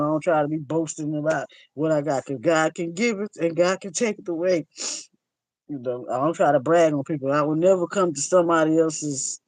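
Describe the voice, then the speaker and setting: A woman's voice: low-pitched, no echo, poor audio. A woman livestreaming in a loose, chatty way, answering her viewers' comments and talking straight to them. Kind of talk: casual live chat, answering viewers' comments.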